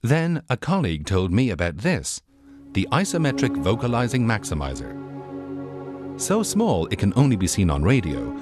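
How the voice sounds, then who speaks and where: A man doing a deadpan comic voiceover, promoting himself as a voice artist. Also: fairly low pitch, moderate pace, over music. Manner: dry, deadpan announcer delivery.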